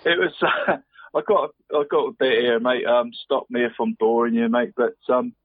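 A man's voice: medium pitch, normal speed, dry recording. A man co-hosting a podcast in casual chat, laughing often and calling everyone mate. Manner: chatty, laughs often, says "mate" constantly. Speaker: podcast co-host. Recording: tinny phone-like line, dry.

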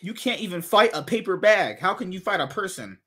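A man's voice: high-pitched, animated, a little fast, bright, forceful tone, slightly rough. A man co-hosting a podcast, making crude, provocative jokes in casual banter.

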